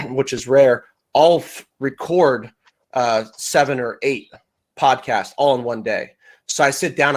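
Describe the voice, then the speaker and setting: A man with a middling pitch speaks informally on an online panel. He often repeats a word as he begins a thought, keeping the tone relaxed. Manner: informal, repeats words when starting sentences. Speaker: podcaster, panel guest. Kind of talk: casual panel discussion.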